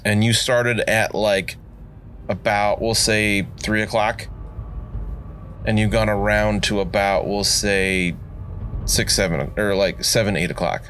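A man running a tabletop game as game master, explaining the scene in a relaxed, meandering way full of fillers. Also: on the low side, takes it slowly, a little hiss or hum.

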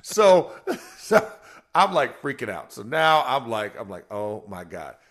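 A middle-aged man, a former football player, telling a story on a podcast in a lively way, acting out quotes and laughing. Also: mid-range voice, unhurried. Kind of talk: animated storytelling.

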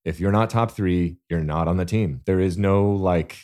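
A man guesting on an interview show, recounting his path with earnest, animated storytelling. His voice sits very low and sounds mellow and dark. The pace shifts between drawn-out phrases and quick bursts. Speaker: guest, Olympic athlete.

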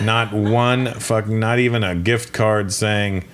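Profane, blunt man with a low voice. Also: fairly even intonation, takes it slowly, very noisy. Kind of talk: casual chat.

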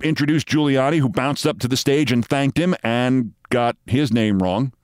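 A man's voice: medium pitch, smooth, no echo. A man hosting a show, telling a long story in a wry, theatrical monologue from a studio. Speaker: host.

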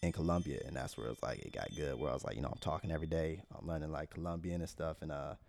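An American man telling travel stories in a relaxed, slangy casual chat. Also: rumbling low, very fast, gravelly. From United States.

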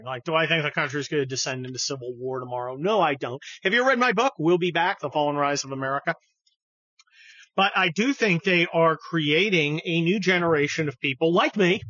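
A man's voice: fairly high pitch, pushed and bright, no room sound. A man hosting a podcast, giving casual political commentary in a heated, profane, sarcastic way. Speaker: podcast host. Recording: dull dry studio recording.

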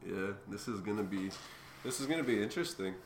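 A man's voice: on the low side, animated, quick pace, roomy sound, a little hiss or hum. A man co-hosting a casual smoking livestream from a garage, loose and joking, swearing freely. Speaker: co-host of a smoking stream.

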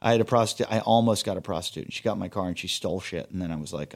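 A man's voice: deep voice, racing, gravelly. A man tells a story in a loose, rambling way. He swears freely and jokes at his own expense. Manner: rambling, profane, self-mocking storyteller. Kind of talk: casual storytelling.

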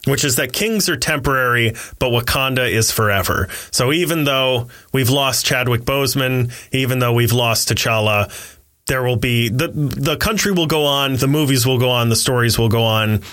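Young guy podcast cohost, bright punchy voice, chatty and jokey. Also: mid-range voice, moderate pace. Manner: joking, animated, laughs often. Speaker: podcast co-host. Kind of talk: casual movie review chat.

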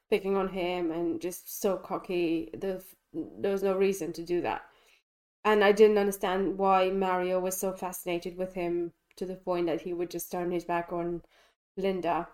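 A woman co-hosting a casual podcast, reviewing a film with animated enthusiasm and frequent restarts. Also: mid-range voice. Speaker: podcast co-host reviewing films. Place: London.

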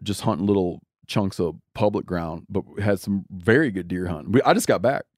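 A man's voice: sits low, fairly quick, a little mellow, dry recording. A man hosting a podcast in casual chat, rambling and often restarting his sentences. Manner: rambling, self-interrupting storyteller. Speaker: podcast host. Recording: dry close studio mic.

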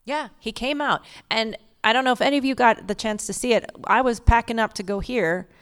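Co-hosting a comedy podcast in front of a live crowd, a woman speaks a little fast in a fairly high, clean-toned voice. Her banter is loose and profane, and she keeps breaking into goofy voices.

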